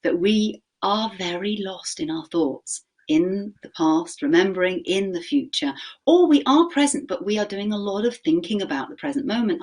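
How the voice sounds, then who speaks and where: Woman, mindfulness trainer, husky breathy voice, middle pitch, asks questions, gentle guided practice. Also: expressive. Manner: asks the audience questions, often checks in with "okay?"; slows to a gentle, soothing pace during the practice.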